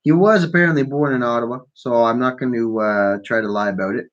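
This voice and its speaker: Talking fast in a mid-range voice over dull audio, a stoned Canadian call-in show host rambles through a casual political rant, mocking and profane.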